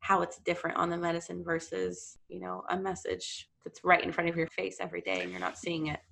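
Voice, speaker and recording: A woman's voice: lowish voice, fairly quick, creaky, a bit bright, a little hiss or hum. A woman being interviewed as a podcast guest, reflective and earnest as she speaks candidly about a personal experience.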